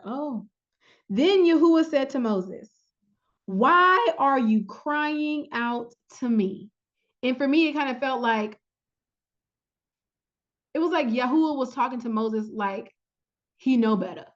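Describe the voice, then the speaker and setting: High-voiced woman teaching bible study, animated, acts out lines, kinda dull lo-fi sound. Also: measured pace, long pauses. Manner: animated, acts out dialogue with laughter.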